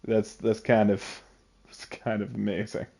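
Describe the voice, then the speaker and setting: A man's voice: fairly low pitch, measured pace, creaky, husky. Joking, laughing male game streamer. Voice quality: laughs often, jokey and animated. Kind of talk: casual live-stream gaming chat.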